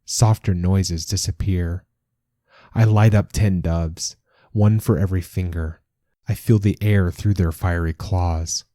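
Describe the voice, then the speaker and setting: A man reading a short story aloud as narrator, in a calm, measured telling. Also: sits low, no echo. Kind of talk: scripted narration.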